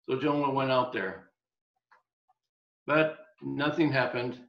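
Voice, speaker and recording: A male preacher giving a sermon, reading scripture and dropping to a soft voice on key points. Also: medium pitch, fairly even intonation, slow pace, creaky, long pauses, echoey room, dull audio. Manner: expository, reads scripture aloud, drops softer on key points.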